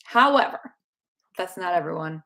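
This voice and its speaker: A woman's voice: on the low side, lively intonation, normal speed, sharp tone. A woman on a live video stream, answering viewers' tooth questions in a chatty, bubbly way. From United States. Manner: chatty and bubbly, with frequent laughs and fillers. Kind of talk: live Q&A chat.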